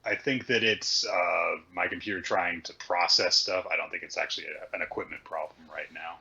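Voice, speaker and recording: A man's voice: sits low, steady tone, creaky, pushed and bright, husky. Host, male, laid-back recap with fillers, somewhat dull audio. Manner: loose retelling with many fillers, puts on quick voices for characters. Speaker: podcast host. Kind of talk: casual chat recapping manga.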